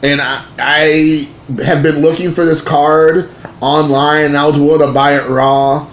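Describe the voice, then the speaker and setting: A man, a father in his thirties, telling a card-collecting story in a rambling, excitable way with many restarts. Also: on the high side, moderate pace. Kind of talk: casual storytelling to camera. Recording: echoey room with faint ambient noise.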